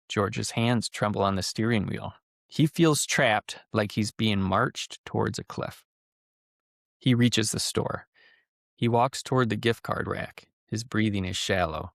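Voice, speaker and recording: A man's voice: fairly low pitch, measured pace, vocal fry, no echo, studio quality. A man hosting a podcast, talking casually with lots of ums and telling a cautionary story. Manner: relaxed, frequent ums and uhs, conversational. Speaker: podcast host.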